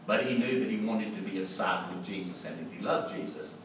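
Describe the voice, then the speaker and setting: Earnest preacher in an echoey hall. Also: male voice, fairly low pitch, fast. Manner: earnest, emphatic, repeats key phrases. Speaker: pastor. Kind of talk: sermon. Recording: echoey room, from far off, faint background hum.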